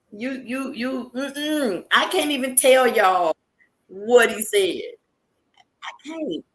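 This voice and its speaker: A woman hosting a live stream, telling her viewers a story in a casual, animated way, laughing often and calling them y'all. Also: on the high side, very slow, pauses often, roomy sound.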